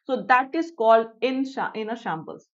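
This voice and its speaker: High-voiced Indian woman teaching English vocabulary. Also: animated, moderate pace, muffled recording. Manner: switches to Hindi to explain, asks "clear everyone?"; repeats each definition, greets live chat viewers. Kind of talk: online exam-prep vocabulary lesson.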